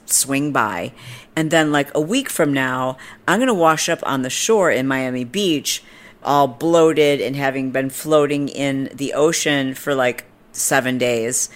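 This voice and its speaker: Woman in her 30s, low voice, podcast host, animated snarky storyteller. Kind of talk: casual storytelling.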